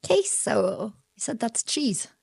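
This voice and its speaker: A woman's voice: mid-range voice, lively intonation, normal speed, no room sound. A woman co-hosting a podcast in casual chat, playful and teasing. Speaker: podcast co-host.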